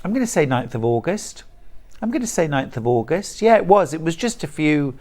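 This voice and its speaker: A shopping channel presenter, gushing with enthusiasm over products in a chatty live TV sales pitch from a studio. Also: big pitch swings, fairly quick, a little mellow.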